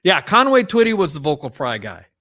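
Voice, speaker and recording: This male podcast co-host rambles through casual chat, full of fillers and false starts. His slightly high voice is very animated, brisk, pushed and bright, captured dry with clean studio sound.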